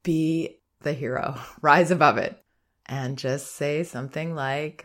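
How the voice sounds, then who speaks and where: A woman hosting a parenting advice podcast, speaking in a calm, gentle and reflective way, with soft laughs. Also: sits low, takes it slowly. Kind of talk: advice monologue.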